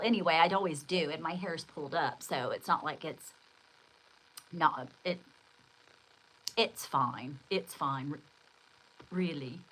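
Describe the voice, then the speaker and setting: A woman's voice: sits low, measured pace, long pauses, fairly bright tone, breathy edge, rough recording. An older woman hosts a casual livestream. She rambles from one story to the next in an exclamatory way and stops to read viewer comments aloud. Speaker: livestream host.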